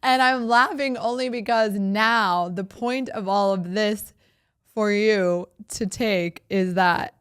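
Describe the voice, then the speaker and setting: A woman's voice: medium pitch, fairly even intonation, slow pace, clear, resonant tone, dry recording, clean studio sound. A woman, hosting a podcast and speaking in a heartfelt, reflective way, often laughing as she talks. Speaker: podcast host. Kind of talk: personal reflective monologue.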